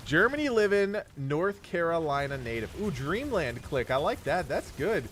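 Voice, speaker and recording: A man's voice: fairly high pitch, very animated, fairly bright tone, slight background noise. A man streaming a game live, chatting casually and reading out where his viewers are tuning in from. He has kids. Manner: upbeat, reads viewer names in a quick rattled list. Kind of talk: casual live-stream chat while gaming.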